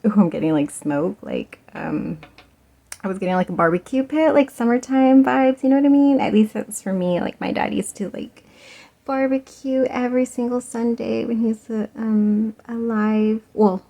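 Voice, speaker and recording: A woman's voice: fairly high pitch, moderate pace, vocal fry, mellow. Giggly young woman reading tarot. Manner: chatty and giggly, lots of "like" and laughs. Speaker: tarot reader. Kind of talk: pick-a-card tarot reading.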